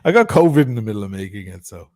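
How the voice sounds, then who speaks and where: A man's voice: fairly low pitch, sing-song, racing, darkish tone. A tipsy man co-hosting a casual livestream chat, laid-back and mumbling, swearing often.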